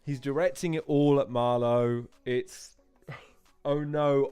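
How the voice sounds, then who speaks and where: A man's voice: fairly high pitch, lively intonation, darkish tone, smooth, dry recording. A man hosting a live watch-along, reacting with frequent laughter and swearing. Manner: laughs and swears often, quick to exclaim. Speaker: host.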